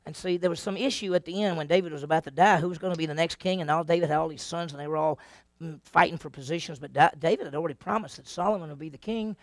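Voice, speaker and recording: A man with a drawl teaches a Bible class, retelling the old stories with lively energy and tossing questions to his listeners. His voice sits a touch high and carries a gravelly edge. The recording is dry and close. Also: racing, no echo. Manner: animated storyteller, asks the class questions, acts out voices.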